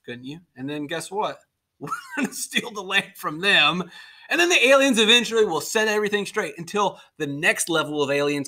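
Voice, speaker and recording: A man teaching a history lesson in a classroom, joking and sarcastic, slipping into quick voices for the people he describes. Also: sits high, bright, forceful tone. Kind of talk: classroom lecture.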